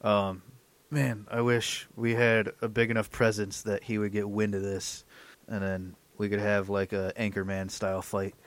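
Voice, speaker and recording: A man's voice: on the low side, level tone, normal speed. A man in his thirties hosting a sports podcast, ranting in an irritated, casual way. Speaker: podcast host.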